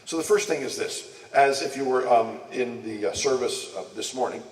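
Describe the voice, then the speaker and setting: A man gives a conversational church teaching talk. He speaks at a middle pitch, repeats words, and checks in with his listeners. He is recorded from a distance in an echoey room. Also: moderate pace. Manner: conversational, repeats words and restarts, asks the audience questions.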